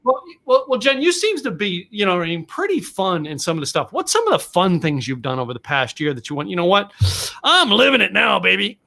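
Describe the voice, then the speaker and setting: A man's voice: sits high, fast talker, hardly any pauses. A middle-aged man hosting a casual interview chat, telling stories and acting out quotes with laughs. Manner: animated storyteller, acts out quotes with laughs. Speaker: show host.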